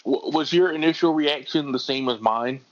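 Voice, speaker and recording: A man's voice: a little high, normal speed, highs cut off. A man co-hosting a casual wrestling podcast, wry and critical, picking apart details. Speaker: podcast co-host.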